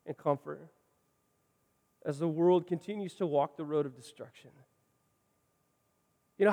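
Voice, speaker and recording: High-voiced man preaching in a reverberant hall. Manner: impassioned preaching, swinging from loud to soft. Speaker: pastor. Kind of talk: sermon.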